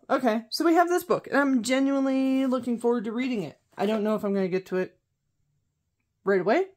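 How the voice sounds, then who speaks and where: A woman vlogger in casual chat, rambling and correcting herself as she goes. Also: medium pitch. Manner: rambling, self-correcting, chatty.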